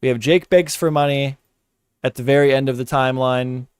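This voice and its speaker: A commentary streamer talks live as he edits, muttering, repeating words quietly and cursing in frustration. His mid-range voice is clear and resonant, fairly even in intonation, a little fast, with no echo.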